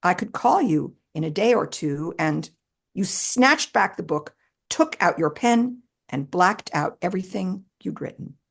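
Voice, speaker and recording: Gravelly low-voiced woman author reading aloud. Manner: measured, expressive reading with shifting emphasis. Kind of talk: reading her own personal essay aloud.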